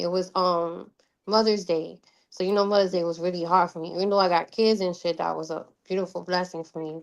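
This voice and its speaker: Slangy Brooklyn woman, candid guest. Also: fairly low pitch. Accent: Brooklyn New York. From New York, Brooklyn. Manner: candid, slangy, laughs often. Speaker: guest musician. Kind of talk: casual podcast interview.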